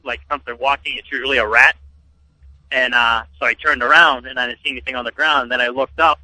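A man's voice: medium pitch, pushed and bright, no room sound, low-quality recording. A man calling into a sports radio show, telling a rambling story full of ums and likes. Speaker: caller. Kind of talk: casual phone-in chat.

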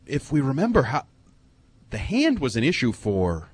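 A man hosting a sports talk radio show, talking in quick, joking banter. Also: medium pitch, wildly swooping pitch, breathy edge, no echo.

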